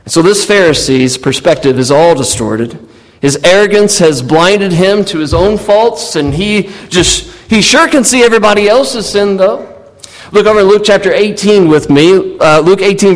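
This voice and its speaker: A man preaching a sermon, reading scripture and acting out the people in it with raised, emphatic voices. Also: fairly high pitch. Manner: reads scripture, then acts out the speakers in raised voices. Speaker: pastor. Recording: long hall reverb.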